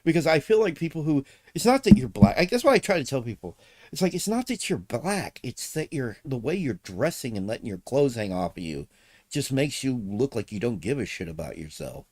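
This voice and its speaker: A man's voice: mid-range voice, very animated, fairly quick, darkish tone, no echo. Blunt, opinionated man streaming. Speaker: streamer host. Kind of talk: casual chat on a livestream.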